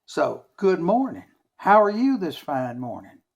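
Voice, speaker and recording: A man voicing a proud, talkative male rabbit trickster in a folk tale, loud and indignant, wheedling when caught. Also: high voice, lively intonation, normal speed, breathy edge, highs cut off, exaggerated voice. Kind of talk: storytelling with character voices.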